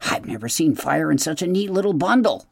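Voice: medium pitch, expressive, fairly quick, gravelly, darkish tone, dry recording, studio quality, pitched above the performer's own voice. A reader voicing a busy, fussy male beaver builder who talks in a chatty, bossy way in an audiobook. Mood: amazed. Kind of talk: audiobook character voice.

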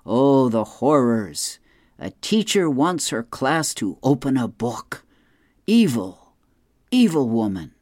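A woman's voice: very deep voice, very animated, takes it slowly, darkish tone, dry recording, exaggerated voice. A woman voicing a sarcastic, unimpressed father from a comic strip, mocking with dry irony.

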